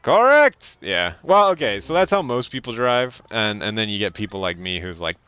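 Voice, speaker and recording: A man from California chatting casually and swearing freely while streaming a game, now and then slipping into loud mocking voices. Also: lowish voice, normal speed, few pauses, smooth, no room sound, highs cut off, soft background music. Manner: animated, profane, slips into loud mocking voices. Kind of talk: casual gaming commentary.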